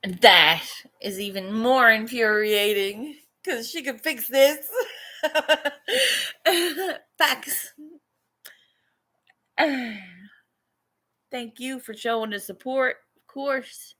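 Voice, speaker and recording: A woman's voice: a little high, takes it slowly, long pauses, sharp tone. A Canadian woman artist vlogging casually, venting and swearing freely as she chats about her day. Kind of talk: casual chat.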